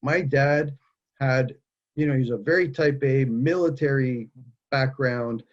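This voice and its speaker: Husky-voiced man talking earnestly on a call. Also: medium pitch, dull audio. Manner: earnest, halting, many restarts. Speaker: guest speaker. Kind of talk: candid personal conversation.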